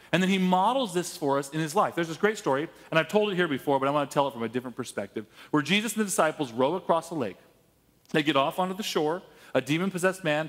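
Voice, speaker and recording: A pastor preaching a sermon, telling stories with playful asides. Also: male voice, fairly high pitch. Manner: animated storytelling with playful asides and laughs. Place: church sanctuary. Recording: long church hall reverb.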